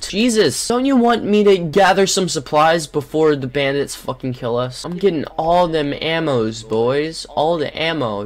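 A young adult gaming host giving casual gameplay commentary into a desktop microphone, sarcastic and quick to swear and grumble at the game. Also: mid-range voice. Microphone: desktop USB microphone.

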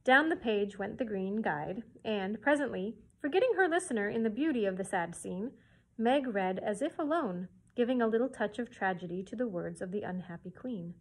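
A woman's voice: medium pitch, expressive, normal speed, breathy edge, poor audio. Woman reading a chapter book aloud. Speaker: children's librarian reading aloud. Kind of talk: read-aloud storytelling.

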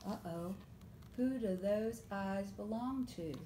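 A woman reading picture books aloud at story time, animated and stopping often to ask the children questions. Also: medium pitch, slow, background noise. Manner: animated, asks children questions and invites them to join in.

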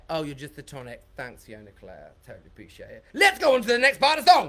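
A man's voice: fast, hardly any pauses, roomy sound, distant mic. Bubbly man leading a live dance class. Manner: bubbly, excitable, reads out viewer comments; bursts into high shouts and whoops. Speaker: dance workshop leader. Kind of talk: live-streamed dance tutorial.

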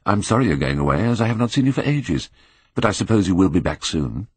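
A man doing a languid, petulant young gentleman. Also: low-pitched, very animated, fast, slightly rough, no echo, heavily acted. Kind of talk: audiobook character reading.

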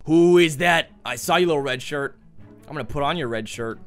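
A man's voice: a little high, fast, a bit bright, faint music behind. A man giving goofy, jokey commentary while playing a video game, exclaiming and talking to other players as he goes. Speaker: gaming YouTuber.

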